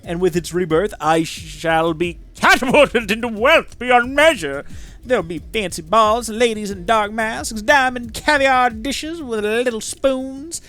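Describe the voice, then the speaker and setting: A man's voice: very high-pitched, extremely slow, long pauses, pushed and bright, pitched above the performer's own voice, exaggerated voice. A man voicing a greedy, scheming male tinkerer who boasts of riches, smarmy with a drifting southern twang. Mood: gleeful.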